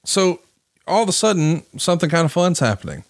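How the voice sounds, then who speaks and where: A man's voice: fairly high pitch, big pitch swings, brisk, dry recording, clean studio sound. A man hosting an interview, asking long, detailed questions. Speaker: podcast host.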